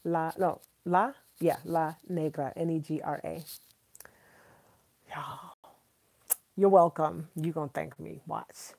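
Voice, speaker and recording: Chatty woman livestream host, slightly low. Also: fairly even intonation, slow, vocal fry, pauses often, darkish tone. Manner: chatty, enthusiastic, addresses viewers as y'all; repeats herself for emphasis. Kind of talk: casual livestream chat.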